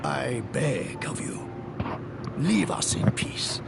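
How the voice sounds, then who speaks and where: An actor voicing a kindly, solemn elderly priest with an Irish accent and a gravelly voice, in game audio over background music. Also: male voice, medium pitch, very animated, heavily acted. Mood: pleading. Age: older. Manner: solemn, slow and earnest.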